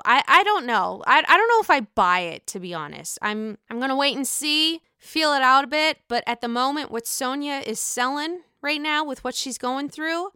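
A woman's voice: high-pitched, pushed and bright, clear, resonant tone, no room sound, clean studio sound. A woman hosting a casual, gossipy recap of reality TV episodes, talking straight to her viewers and swearing freely. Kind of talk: casual chat.

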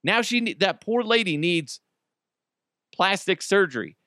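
A man's voice: high-pitched, lively intonation, a little slow, pushed and bright, no echo, studio quality. A middle-aged man hosting a casual solo podcast, ranting in an exasperated, profane way and telling stories with lots of animation. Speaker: podcast host.

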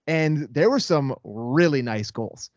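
A man's voice: fairly high pitch, animated, slow pace, no echo. Enthusiastic man, dry close mic. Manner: enthusiastic, laughs easily. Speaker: sports podcast co-host. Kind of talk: casual chat.

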